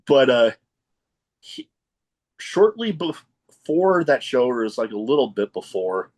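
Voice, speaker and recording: A man hosting a podcast, telling stories with excitement and often restarting his phrases. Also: mid-range voice, unhurried. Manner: excitable storyteller, repeats starts of phrases. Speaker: podcast host. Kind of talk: casual chat.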